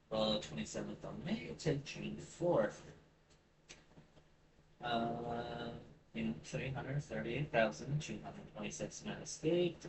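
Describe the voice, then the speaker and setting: A man reading a history article aloud, tripping over words, rereading them, and breaking off into casual, profane asides. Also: mid-range voice. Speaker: channel host. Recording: distant mic with clear background noise.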